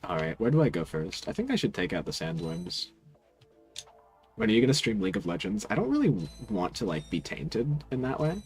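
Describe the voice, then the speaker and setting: Laid-back low-voiced male game streamer. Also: sing-song, brisk, faint music behind. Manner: laid-back, dry and teasing, answers chat. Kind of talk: casual stream chat while gaming.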